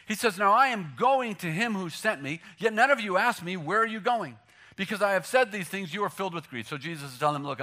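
A man preaching a sermon, animated and joking, swinging between loud punchlines and hushed emphasis. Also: high voice. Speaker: pastor.

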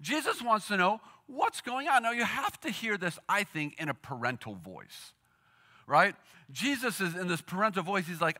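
Animated, bright-voiced male preacher. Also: high voice, moderate pace. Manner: animated, conversational storytelling with acted quotes. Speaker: pastor. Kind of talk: sermon.

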